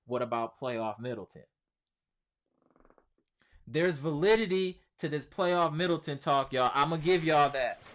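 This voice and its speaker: A man hosting a casual sports live stream, reading viewer comments aloud and answering them in a chatty, slangy way, repeating his points for emphasis. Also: fairly high pitch. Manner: emphatic repetition, slangy speech. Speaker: sports channel host.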